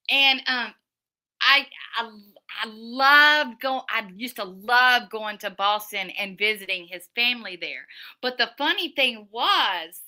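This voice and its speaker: A middle-aged woman, hosting a livestream, chatting casually with viewers and telling stories. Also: fairly high pitch. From Southern United States. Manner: chatty storyteller, animated, many restarts. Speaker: livestream host. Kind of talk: casual chat reading viewer comments.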